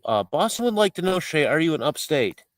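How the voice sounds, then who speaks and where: A man's voice: fairly high pitch, sing-song, a little fast, dry recording. A man hosting a casual livestream, chatting in a rambling, playful, mock-fussy way as he reads viewer comments. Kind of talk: casual live-stream chat. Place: home, outdoors at night.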